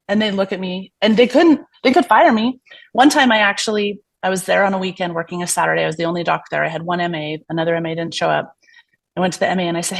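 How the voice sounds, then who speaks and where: A fast-talking woman with a mid-range, steady voice appears as a physician guest on a podcast. She recounts stories candidly and chattily, voicing the quoted exchanges, with many fillers and restarts.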